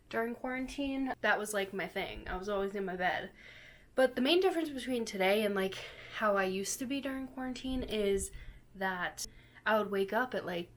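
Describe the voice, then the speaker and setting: A young woman chatting casually to her camera in her bedroom, bubbly and self-deprecating. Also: mid-range voice. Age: young adult. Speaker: vlogger. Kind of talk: casual vlog chat. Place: bedroom at home.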